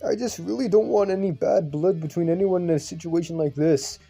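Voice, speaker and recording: A man doing a gentle, higher-voiced peacemaker. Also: brisk, gravelly, soft background music. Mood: placating. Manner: gentle, pleading, reasonable. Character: earnest young peacemaker, soft-spoken and caring. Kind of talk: fan visual novel voice acting.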